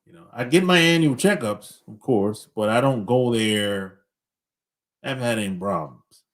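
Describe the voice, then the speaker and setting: A man's voice: mid-range voice, moderate pace. A middle-aged man hosting a podcast, talking bluntly in a casual opinionated monologue, chuckling between points. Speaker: podcast host.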